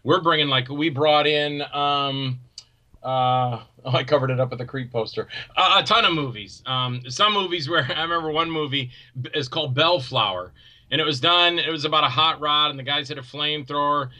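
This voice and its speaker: Man, guest filmmaker, casual chat, lively storytelling, very bright voice. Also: a little high, normal speed, poor audio. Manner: animated storyteller, acts out quoted voices loudly.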